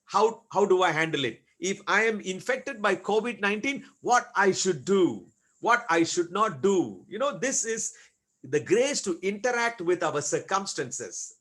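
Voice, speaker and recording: A man preaching a sermon as pastor, asking rhetorical questions and repeating key words with slow, deliberate emphasis. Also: high voice, expressive, a bit bright.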